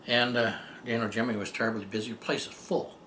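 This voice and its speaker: An older man telling a personal story as a testimonial, rambling and halting, with many fillers and restarts. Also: mid-range voice, little pitch movement, fairly bright tone, roomy sound, a little hiss or hum. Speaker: patient giving a testimonial. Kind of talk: storytelling tribute.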